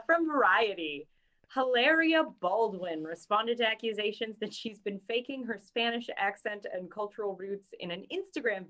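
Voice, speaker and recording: Wry woman co-hosting, slightly high voice. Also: fairly bright tone, dull audio. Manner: wry, laughs while talking. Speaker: podcast co-host. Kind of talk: casual chat, reading news.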